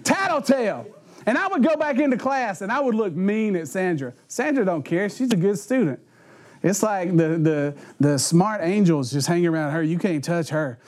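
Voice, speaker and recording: Man, pastor, high warm voice, animated storyteller, acts out voices, laughs often. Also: normal speed. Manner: laughs often while telling stories. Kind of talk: sermon with humorous storytelling.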